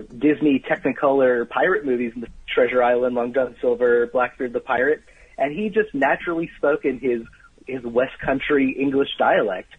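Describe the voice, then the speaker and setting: An enthusiastic man explains surprising facts as a guest author calling in to a radio interview. His voice is husky and carries the thin, tinny quality of a dry telephone line, with the pitch sitting in a middle range. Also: no echo. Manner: animated, storytelling, enthusiastic about trivia.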